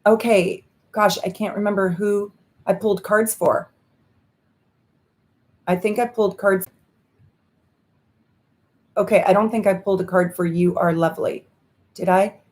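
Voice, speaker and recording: A woman astrologer hosts a casual live stream, chatting effusively and pulling tarot cards for viewers, bubbly with laughs and "um" fillers. Her medium-pitched voice is a little mellow and fairly even, a little slow, and she pauses often.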